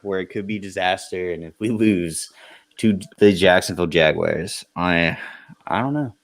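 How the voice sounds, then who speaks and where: Deep-voiced man, earnest and rambling. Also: normal speed. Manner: earnest, laughs easily, rambling. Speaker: podcast panelist. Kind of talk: casual podcast chat.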